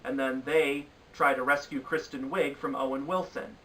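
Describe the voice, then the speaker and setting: A man's voice: medium pitch, steady tone, normal speed, a bit bright, far from the mic, slight background noise, low-quality recording. A man giving an opinionated countdown of bad films, sounding exasperated and ranting in his critique. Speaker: film reviewer. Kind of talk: opinionated film review countdown.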